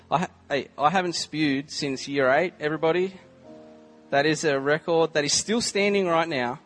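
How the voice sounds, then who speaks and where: A man in his twenties with an Australian accent and a fairly high voice gives a sermon as a laid-back testimony. He tells the story with humor and trails through "like" and "um" as he goes. Soft music hums faintly behind him. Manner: chatty, humorous storytelling with many "like" and "um" fillers. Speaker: visiting preacher.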